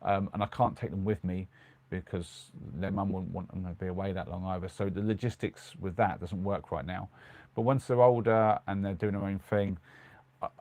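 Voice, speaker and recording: Live-streaming from a small converted van at night, this middle-aged British man rambles through viewer comments with plenty of ums and restarts. He speaks at normal speed in a low, darkish voice with fairly even intonation.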